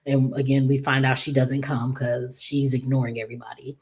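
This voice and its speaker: A woman casually recapping a soap opera episode in a chatty, animated way, with lots of fillers. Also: very deep voice, fairly quick.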